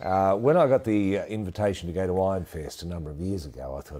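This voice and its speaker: A man with an Australian accent, co-hosting a deadpan mock sports commentary, rambling with many fillers. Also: low-pitched, quick pace. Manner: rambling, hesitant, lots of fillers. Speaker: comedy co-host.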